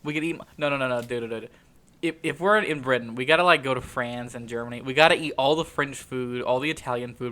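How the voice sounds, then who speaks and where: A man's voice: mid-range voice, quick pace, pushed and bright. A young man co-hosting a podcast, chatting casually, rambling and laughing often. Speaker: podcast co-host. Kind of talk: casual chat.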